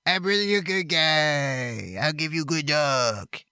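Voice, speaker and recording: A man voicing a smug male giant turtle in a high, drawn-out mock-villain voice. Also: bright, forceful tone, clean tone, no room sound, clean studio sound, heavily acted. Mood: coaxing.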